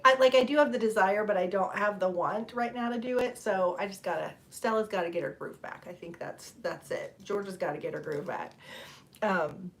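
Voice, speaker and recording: A woman's voice: medium pitch, fairly bright tone. A middle-aged woman, chatting casually with viewers on a livestream, rambling and laughing. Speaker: livestream host. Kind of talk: casual chat with live viewers.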